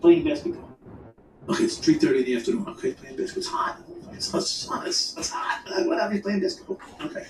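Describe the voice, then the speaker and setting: A man spins a rambling, profane crime story in casual conversation, his pitch leaping around as he acts out the dialogue. He sits a touch high for a man, in a room with a roomy echo and faint noise behind him. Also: expressive, fast, hardly any pauses, recorded from a distance. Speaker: storyteller guest.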